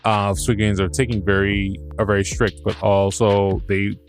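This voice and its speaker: A man's voice: fairly low pitch, flat delivery, normal speed, faint music behind. A man hosting a podcast, recapping a show in a casual, rambling way, stammering and restarting, laughing at himself and swearing freely. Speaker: podcast host reviewing a show.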